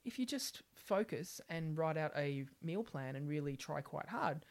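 A woman's voice: low-pitched, lively intonation, a little slow, a little mellow. A woman imitating a patronising male doctor, lecturing about weight loss. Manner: lecturing, condescending.

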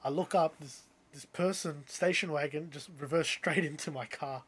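Young guy, slightly high voice, animated casual storyteller. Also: moderate pace, husky. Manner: animated, rising loud when quoting others.

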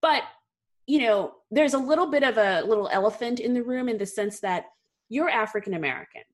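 Chatty woman host, higher voice. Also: expressive, fairly quick. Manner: chatty, hesitant questions full of fillers. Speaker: podcast co-host. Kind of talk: casual interview chat.

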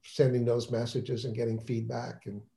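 A man's voice: mid-range voice, little pitch movement, normal speed, creaky, warm tone. A man talking about his children's book in a casual interview, enthusiastic and rambling, often restarting his sentences.

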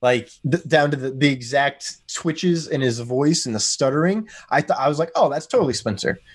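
An American man guesting on a podcast, talking in a rambling, animated way with sudden jumps in pitch. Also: moderate pace, breathy edge, no echo, studio quality. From United States. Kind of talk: casual podcast chat.

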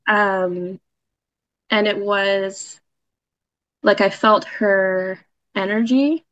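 A woman's voice: mid-range voice, fairly even intonation, very slow, fairly bright tone, no echo, highs cut off. A woman casually telling a personal story as a podcast guest, chatty, with fillers and laughs.

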